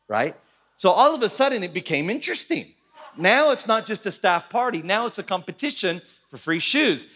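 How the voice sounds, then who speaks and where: A male pastor telling a story in a sermon, animated, acting out the voices of the people in it. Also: high voice, normal speed. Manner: animated, acts out voices in anecdotes.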